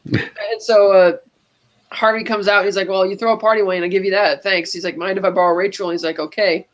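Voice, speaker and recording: A woman's voice: mid-range voice, fairly even intonation, brisk. A woman co-hosting a podcast, casually retelling movie scenes and quoting the characters as she goes. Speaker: podcast co-host.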